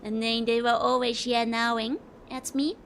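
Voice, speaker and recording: A woman's voice: on the high side, little pitch movement, moderate pace, slight background noise. A woman with a Dutch accent, a native Dutch speaker, chatting casually with viewers while she streams a game and laughs often between remarks. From Netherlands. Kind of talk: casual let's-play chat, reading viewer comments.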